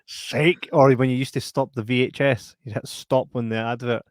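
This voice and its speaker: A Scottish man in casual podcast chat, with a mid-pitched voice. He is chatty and quick to laugh, and throws questions at his co-host. The recording is dry and close. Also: steady tone, no echo. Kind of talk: casual film review chat.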